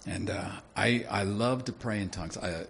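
Male preacher, conversational sermon delivery with questions to the audience; gravelly and low. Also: normal speed, a bit bright, slight background noise.

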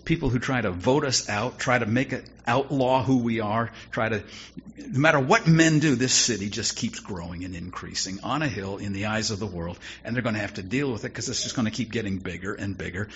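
A lower-voiced man delivers a sermon like he's talking with friends, dropping dry jokes between his points. The recording is dull and lo-fi with a faint hiss underneath. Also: fairly quick, a bit bright. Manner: conversational preaching with wry humor. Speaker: pastor. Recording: dull lo-fi sound with faint noise.

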